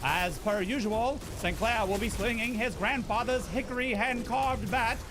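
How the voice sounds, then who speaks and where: A man voicing an old-time male baseball radio announcer with a Mid-Atlantic broadcast delivery and booming, showy play-by-play. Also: moderate pace, music in the background. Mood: announcing. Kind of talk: comedic impression during a game stream.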